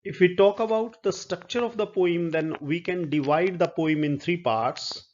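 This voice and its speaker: A middle-aged man teaching a literature lecture as a professor, explaining slowly and deliberately with the odd filler. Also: high voice, a little mellow, a little hiss or hum. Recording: dull lo-fi recording.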